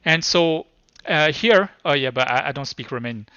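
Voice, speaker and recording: A man with a French accent speaks at a conference and runs a live tech demo, stopping and restarting his sentences often. His voice sits a bit high, sounds bright and smooth, and the recording is dry and dull. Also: animated, no echo. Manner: halting, many restarts and fillers.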